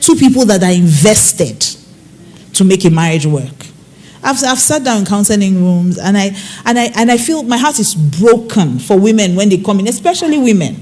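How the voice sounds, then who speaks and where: A woman counselor giving a preaching-style talk on marriage, telling stories with lively swings in her voice. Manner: expressive storyteller, swings pitch and acts out quoted people. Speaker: infidelity recovery counselor speaking on marriage.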